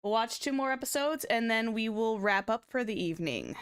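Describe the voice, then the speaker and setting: A woman's voice: a little high, animated, fairly quick, clear, resonant tone. A woman hosting a casual anime watchalong stream, chatting to her viewers and breaking into giggly, squealing reactions. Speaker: VTuber host of an anime watchalong.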